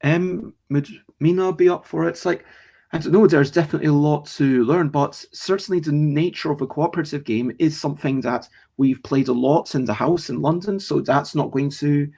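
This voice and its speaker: Man, casual stream host, rambling and self-correcting, gravelly fry, slightly high voice. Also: normal speed, mellow. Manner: chatty, rambling, self-correcting, talks to chat viewers.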